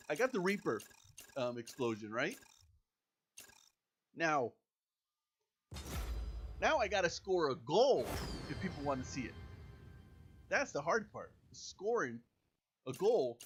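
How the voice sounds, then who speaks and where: A man talking loosely to his viewers while he plays, chatty and quick to poke fun at himself. His voice sits a little high for a man and swings widely in pitch, jumping up when he gets excited. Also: slight background noise. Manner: chatty, self-deprecating, excitable. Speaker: gaming YouTuber. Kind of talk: casual gameplay commentary.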